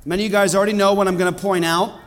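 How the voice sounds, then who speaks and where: A male pastor preaching in a church with a strikingly high voice. He talks to the congregation in a casual, conversational way and then builds to forceful, emphatic bursts. The sound carries a long reverb from the hall. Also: rapid-fire. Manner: animated, conversational preaching with sudden emphatic outbursts. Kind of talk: sermon. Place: church sanctuary.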